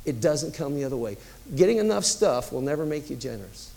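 A man delivers a sermon with a slightly raised pitch and a gravelly edge to his voice. He preaches in a chatty, storytelling manner, pushing key points with emphatic rises. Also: sing-song, brisk, mellow, low-quality recording. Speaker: pastor.

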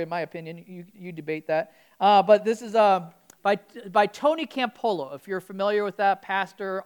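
In a church, a woman with a medium-pitched voice preaches a casual, conversational sermon. She often restarts words and grows animated while telling a story.

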